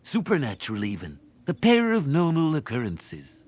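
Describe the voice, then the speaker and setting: A man's voice: mid-range voice, huge pitch swings, moderate pace, a little mellow, pitched above the performer's own voice. A man voicing a fretful old miserly tycoon in a podcast recap, with a jumpy, swooping delivery. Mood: uneasy.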